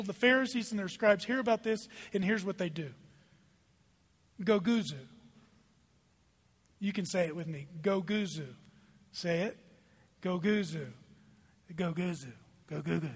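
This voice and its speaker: Pastor, male, lively emphatic sermon, high voice, hall reverb. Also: normal speed, long pauses. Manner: animated, emphatic preaching with dramatic drops to hushed tones.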